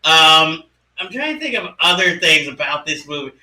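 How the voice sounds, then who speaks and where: A man co-hosting a casual movie discussion podcast, animated and laughing often as he acts out lines. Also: on the high side, moderate pace, echoey room, far from the mic, poor audio. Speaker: podcast co-host.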